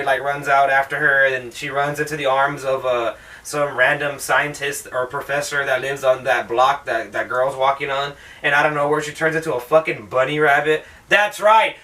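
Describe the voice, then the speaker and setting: A man's voice: fairly high pitch, sharp tone, far from the mic. A man reviewing a movie in a casual, rambling, sarcastic way, heavy on swearing. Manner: profane, rambling, sarcastic, with mocking put-on voices.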